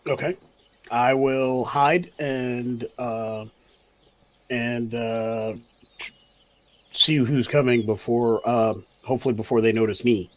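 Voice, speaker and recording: Hesitant player thinking out loud. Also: male voice, medium pitch, steady tone, slow, pauses often. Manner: hesitant, thinking aloud with many fillers. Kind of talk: playing a tabletop game over a voice call. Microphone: online voice call mic.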